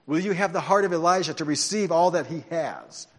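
A man preaching a sermon, telling the story in an animated way with joking asides. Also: a little high, fairly quick. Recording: long hall reverb.

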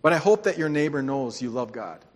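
A man's voice: mid-range voice, lively intonation, a little fast. A man preaching a sermon as pastor, telling stories and calling on the congregation to answer back. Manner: storytelling, calls for congregation responses. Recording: long hall reverb.

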